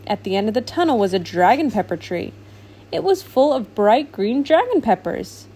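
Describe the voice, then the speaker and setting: A woman reading a children's storybook aloud with animated, expressive narration. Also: on the high side, normal speed, breathy edge. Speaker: storybook reader.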